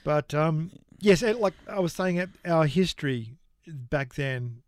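A rambling, self-deprecating man in his fifties chats as a podcast co-host. His voice sits a little high, and the recording is close and dry with no room sound. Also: lively intonation, slow, no echo. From Australia. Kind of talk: casual chat.

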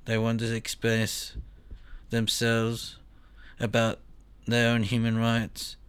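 Give me a man co-hosting a radio chat with a smooth, resonant voice at a middle pitch. He speaks haltingly and repeats words while he hunts for the next one. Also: monotone, no echo. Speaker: radio co-host.

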